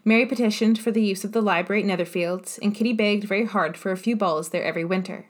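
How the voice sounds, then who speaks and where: A woman reading a classic novel aloud as an audiobook narrator, even and measured. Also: mid-range voice.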